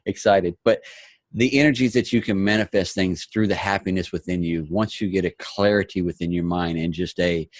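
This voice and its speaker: A man's voice: deep voice, normal speed, no room sound, clean studio sound. A man in his forties hosting a motivational morning show, upbeat and encouraging. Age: 40s. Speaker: host. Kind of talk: motivational talk.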